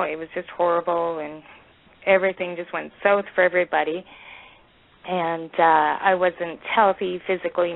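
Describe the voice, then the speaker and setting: A woman's voice: on the low side, gravelly. A woman with a Canadian accent who calls in to a radio show and tells a personal story in a chatty way, laughing between phrases. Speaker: caller. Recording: tinny phone line.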